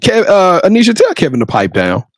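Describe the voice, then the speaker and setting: A man hosting a sports talk show, hyping his guest up and closing the episode with emphatic, shouted praise. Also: sits high, wildly swooping pitch, brisk, dry recording. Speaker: podcast host. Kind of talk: energetic sports show sign-off.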